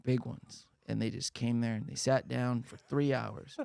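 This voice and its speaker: A man's voice: a little slow, creaky, smooth, no echo. A man co-hosting a podcast, telling stories in casual chat and acting out the people in them with big jumps in his voice. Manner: animated, acts out quotes with big pitch jumps. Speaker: podcast co-host, comedian. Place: podcast studio.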